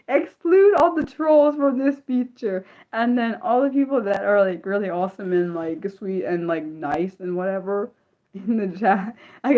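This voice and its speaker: Rambling, animated woman streamer. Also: narrow, tinny audio. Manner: rambling and animated, many fillers, sudden jumps up and down in pitch. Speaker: livestream host. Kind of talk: unscripted livestream chat.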